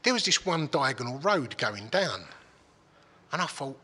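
A man's voice: mid-range voice, big pitch swings, a little slow, sharp tone, slightly rough. A man telling a story in casual chat, swearing freely and restarting his sentences. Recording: long hall reverb.

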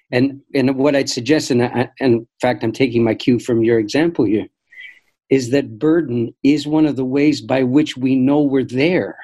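An older man speaks as an interview guest in a warm, mellow voice at a mid pitch. He tells stories reflectively and measuredly, often restarting his sentences. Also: low-quality recording. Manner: thoughtful, measured, frequent restarts. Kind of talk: reflective storytelling conversation.

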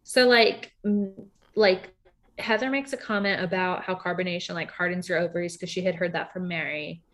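A woman chatting casually as a podcast co-host, her voice sitting a little low. She strings thoughts together with plenty of fillers. She leaps into animated quotes of other people. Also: normal speed. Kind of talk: casual reality-TV recap chat.

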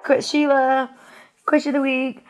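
A young woman co-hosting a podcast, chatty and quick to laugh. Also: high-pitched, little pitch movement, over music, poor audio. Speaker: podcast co-host. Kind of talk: casual chat.

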